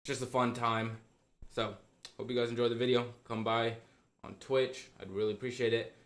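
A young man commenting casually on his own gameplay as a streamer, excitable and slangy. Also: mid-range voice, normal speed. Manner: excitable, slangy, keeps saying dude. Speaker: gaming streamer and YouTuber.

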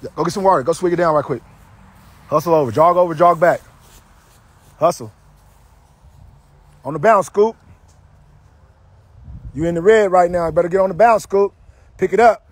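A man coaching football drills outdoors, barking commands and teasing his players with loud, energetic trash talk. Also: high-pitched, normal speed, long pauses, husky, no echo.

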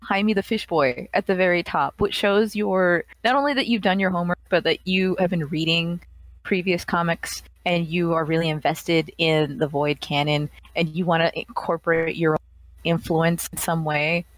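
Woman, podcast co-host, enthusiastic, slangy, emphatic, lowish voice, dry sound. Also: steady tone, normal speed, no echo. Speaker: co-host reviewing comics. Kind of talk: casual podcast critique.

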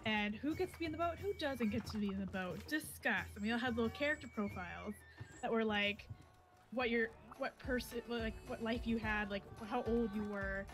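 A woman's voice: on the high side, normal speed. Chatty young woman, game music behind. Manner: animated, rambling, laughs often. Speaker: co-op gaming stream guest. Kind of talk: casual storytelling while gaming.

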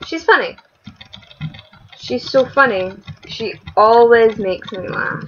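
A woman's voice: on the high side, slow, long pauses, breathy edge, highs cut off. Young woman gamer, blunt and sweary. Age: young adult. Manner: blunt, swears freely, reads chat lines aloud. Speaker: let's play gamer. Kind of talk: reading game dialogue aloud with commentary.

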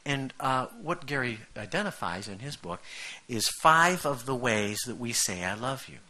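Lively, bright-voiced man preaching a sermon. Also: mid-range voice, normal speed. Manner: conversational, animated, checks in with the congregation. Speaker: pastor.

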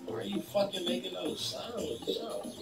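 A man in a prank video, irritated and confrontational, firing off quick questions at his partner. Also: high voice, steady tone, vocal fry, far from the mic, over loud music.

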